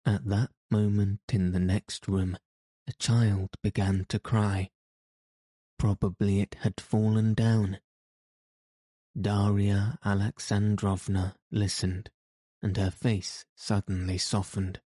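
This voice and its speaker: A man narrating a classic novel in a measured, even reading. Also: on the low side, dry recording. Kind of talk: audiobook narration.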